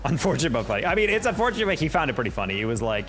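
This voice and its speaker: A man's voice: mid-range voice, big pitch swings, very fast, few pauses. A young man streaming a game, chatting casually with his viewers and telling stories with a laugh. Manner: chatty, storytelling, laughs often. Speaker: streamer answering chat. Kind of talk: casual livestream chat while gaming. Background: faint music.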